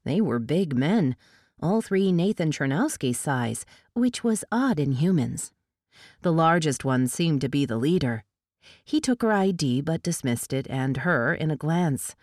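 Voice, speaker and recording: A woman narrating a novel aloud in a steady, measured storytelling manner. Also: sits low, dry recording, studio quality. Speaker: audiobook narrator.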